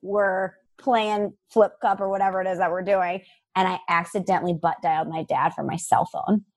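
A woman in her thirties from the US Midwest, co-hosting a podcast and telling a story in a casual, animated way. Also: fairly low pitch, moderate pace. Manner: lively storyteller, acts out quotes. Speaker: podcast co-host.

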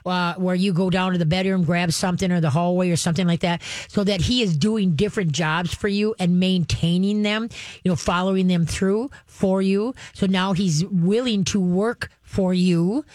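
A woman's voice: fairly low pitch, darkish tone, dry recording, clean studio sound. A woman who hosts a call-in advice show as a dog trainer, talking in a folksy, emphatic way and using playful sayings.

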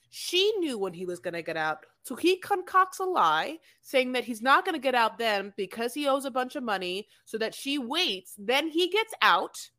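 A woman co-hosting a podcast in casual chat, lively and imitating phone recordings and people as she talks. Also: on the high side. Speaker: podcast co-host.

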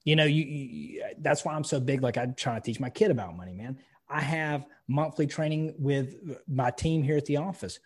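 A man's voice: on the high side, moderate pace, hardly any pauses, slightly rough. A middle-aged man who owns an insurance office, talking casually on a podcast and swearing freely as he tells stories. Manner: emphatic storytelling with frequent profanity. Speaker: podcast host, insurance agency owner.

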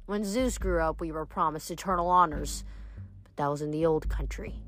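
A woman's voice: low voice, normal speed, fairly bright tone. Woman doing a vengeful ancient water nymph. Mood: menacing.

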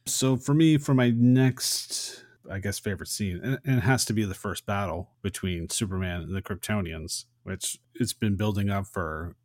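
Low-voiced man recapping a film. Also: normal speed, hardly any pauses, dry recording. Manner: animated recapping, acts out short quotes. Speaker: podcast co-host. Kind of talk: casual film discussion.

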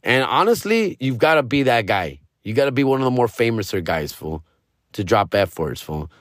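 A man's voice: medium pitch, big pitch swings, moderate pace, no room sound. Slangy, cussing middle-aged man, dry mic. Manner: profane, slangy, peppered with "fool" and "dog", drops into Spanish slang. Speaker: stand-up comedian and podcast host. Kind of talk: casual storytelling monologue.

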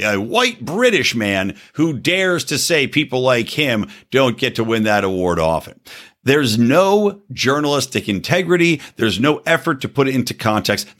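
A man's voice: mid-range voice, fairly bright tone. Blunt, sarcastic male podcast ranter. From United States. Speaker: podcast host. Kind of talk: opinion rant.

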